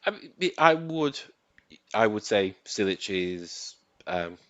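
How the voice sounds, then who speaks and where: A man co-hosting a casual football podcast, his voice sitting low. He talks hesitantly, with many fillers and restarts. The sound is dull, lo-fi and dry. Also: very animated, takes it slowly, no room sound. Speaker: podcast co-host.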